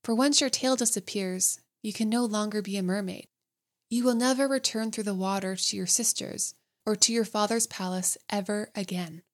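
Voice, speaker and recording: A woman's voice: medium pitch, fairly even intonation, moderate pace, lightly acted. A woman reading as a scornful sea witch. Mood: warning. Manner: scornful, bargaining, ominous. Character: scheming, mocking female sea witch.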